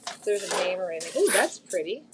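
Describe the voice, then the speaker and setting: A woman's voice: fairly low pitch, expressive, quick pace, heavy background noise. A middle-aged woman chatting casually on a live stream about a thrift find, rambling a little with lots of fillers.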